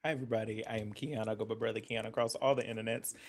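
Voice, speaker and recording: A man's voice: on the low side, steady tone, very fast. Man player, enthusiastic streamer energy. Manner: upbeat, enthusiastic. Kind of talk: casual chat.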